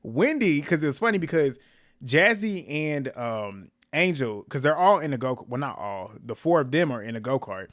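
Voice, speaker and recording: A man talks through a reality TV episode in a loose, gossipy recap. His delivery is animated and full of laughter, with his pitch sitting in the middle. The sound is dry and close, with no room around it. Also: normal speed, no echo.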